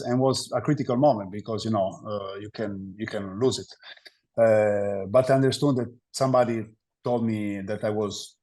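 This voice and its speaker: A man with an Italian accent, speaking English as a second language as a guest on a podcast. His voice sits a little low, and he talks in halting phrases, filling gaps with "uh" and "um" while he reaches for the right word. His answers are thoughtful and reflective. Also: a little mellow. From Italy. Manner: halting, searching for words with many fillers. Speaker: guest, basketball player.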